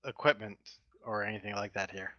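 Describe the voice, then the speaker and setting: Dungeon master, man, bright dry voice, easygoing halting narration, dull lo-fi mic. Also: fairly low pitch, dry recording. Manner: relaxed, halting narration with fillers. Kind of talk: running a tabletop game over voice chat.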